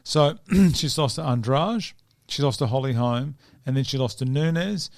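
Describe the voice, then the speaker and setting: A man's voice: mid-range voice, unhurried, a little mellow, no echo, studio quality. A man hosting a casual podcast, rambling and thinking aloud as he goes through his notes. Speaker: podcast host. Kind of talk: casual sports chat.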